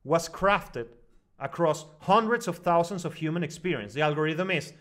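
A man telling a long personal story as a guest on an online broadcast, talking in animated bursts full of fillers and restarts. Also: on the high side, normal speed. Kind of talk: long rambling personal story in casual discussion.

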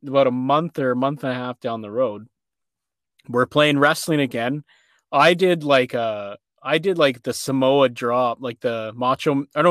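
A man telling a childhood story in a casual chat, animated and laughing, with many fillers. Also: mid-range voice, dry recording, clean studio sound.

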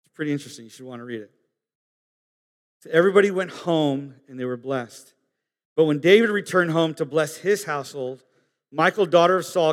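A fairly high-voiced man delivers a sermon with earnest, halting phrasing. He climbs to emphatic peaks and drops to hushed asides. His voice rings with the long reverb of a big hall. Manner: earnest, pausing, rising to emphatic peaks and dropping low. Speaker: pastor.

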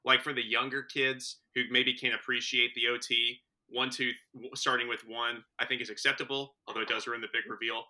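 A man's voice: medium pitch, level tone, fairly quick, hardly any pauses, sharp tone. A man co-hosting a casual podcast, speaking earnestly and poking fun at himself. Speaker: podcast co-host. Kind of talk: casual chat.

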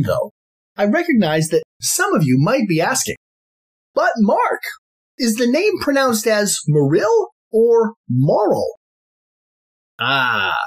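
Male podcast host, scripted monologue, husky, animated pitch, formal and emphatic.

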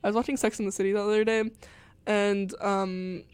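A woman's voice: mid-range voice, flat delivery, a little fast, darkish tone, clean tone, no room sound. Young female college radio host, mid-range voice, loose chatty rambling with lots of fillers, close dry studio sound. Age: young adult. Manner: rambling, filler-heavy, giggly. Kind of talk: casual chat.

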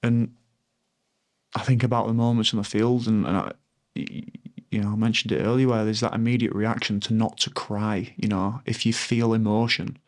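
A man in his thirties, a former rugby player, talking reflectively and earnestly in a podcast interview, often pausing to find his words. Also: on the low side, little pitch movement.

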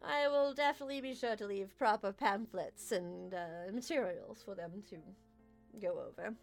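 A woman's voice: mid-range voice, normal speed, gravelly, soft background music, lightly acted. A woman voicing a flamboyant male fae king who is a showy circus ringmaster in a tabletop game. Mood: chummy. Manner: theatrical, showy, grandly welcoming. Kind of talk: game master voicing a character.

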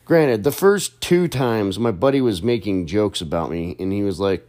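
A man's voice: lowish voice, expressive, moderate pace, few pauses, dark tone. A young adult man and content creator, talking in a casual, chatty monologue full of restarts and fillers.

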